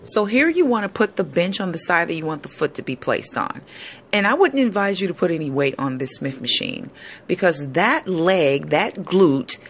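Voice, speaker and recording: A woman with a low, deep-set voice talks through leg exercises as a personal trainer, upbeat and encouraging. Her delivery is casual and chatty, and faint background noise sits under the voice. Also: big pitch swings, moderate pace. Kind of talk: casual fitness vlog with exercise instruction.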